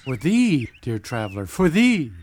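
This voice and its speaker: A man's voice: mid-range voice, huge pitch swings, a little slow, darkish tone, a little hiss or hum. A man voicing a grave, kindly male gatekeeper who speaks solemnly in old-fashioned formal English in a radio drama.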